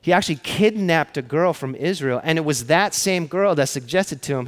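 A man preaching a sermon, telling the stories conversationally and often dropping to hushed, emphatic phrases. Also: fairly high pitch, expressive, normal speed, few pauses. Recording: long hall reverb.

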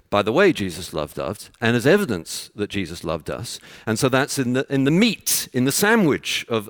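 Lively expository preacher, man. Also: medium pitch, dry recording, studio quality. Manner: explanatory, teacherly, builds points with everyday examples. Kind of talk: expository sermon.

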